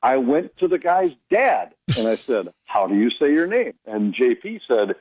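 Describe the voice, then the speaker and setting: A man's voice: mid-range voice, moderate pace, husky, no echo, lo-fi sound. A man, a hockey announcer, telling stories in a casual radio chat and acting out the voices of the people he quotes. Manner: storytelling, animated quoting of others.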